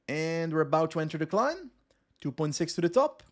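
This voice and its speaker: Young flemish man, slightly high voice, chatty live game commentary, reads chat. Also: very animated, a little fast. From West Flanders, Belgium. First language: Dutch (West Flemish). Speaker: streamer.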